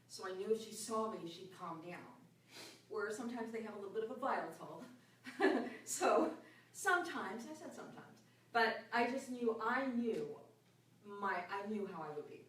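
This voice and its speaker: A middle-aged woman telling a personal story to a group in an animated way, laughing often and acting out the voices in it. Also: mid-range voice, a little hiss or hum. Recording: echoey room, mic far off.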